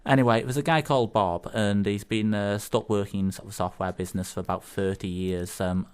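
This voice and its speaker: A man co-hosting a casual radio show from a studio mic. His voice sits on the low side, and he rambles with plenty of ums and restarts. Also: steady tone, a little fast, clear, resonant tone. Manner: rambling, hesitant, lots of ums. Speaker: radio co-host.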